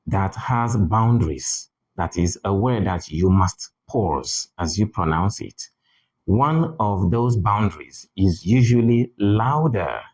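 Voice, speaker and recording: A man teaching English pronunciation in a deliberate manner, repeating key words for emphasis. English is not his first language. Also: low voice, darkish tone, poor audio. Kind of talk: spoken lesson.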